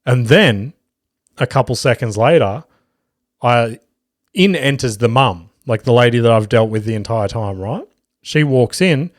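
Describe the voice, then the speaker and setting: A young Australian man hosting a podcast, telling a story in a loose, profane, animated way and acting out the quotes. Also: mid-range voice, measured pace, no room sound, studio quality. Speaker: podcast host.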